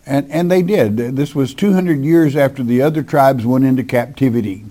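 A man's voice: mid-range voice, warm tone. A man teaching the Bible verse by verse, reading scripture aloud, then commenting in a conversational, hesitant way. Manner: slow and deliberate, with hesitations. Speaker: preacher.

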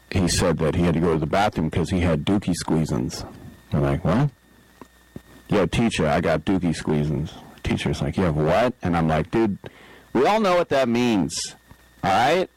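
Low-voiced middle-aged sports radio man. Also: no echo, rough recording. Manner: rambling, self-deprecating, acts out quotes. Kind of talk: casual storytelling on radio. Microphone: studio microphone.

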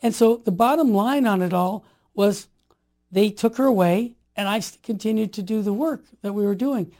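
Guy in his 60s telling stories, fairly high warm voice, gets real emphatic then goes quiet. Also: normal speed. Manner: emphatic, animated storytelling that swings from quiet asides to forceful exhortation. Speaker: guest. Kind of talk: storytelling in conversation.

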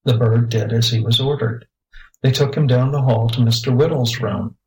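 A man's voice: medium pitch, fairly even intonation, moderate pace, poor audio. A man steadily reading a children's space adventure story aloud. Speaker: narrator.

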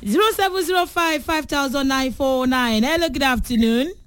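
A Nigerian woman hosting a lively call-in radio game show, switching between English and Yoruba and teasing her callers. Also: sits high, moderate pace, soft background music. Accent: Nigerian, Yoruba-speaking.

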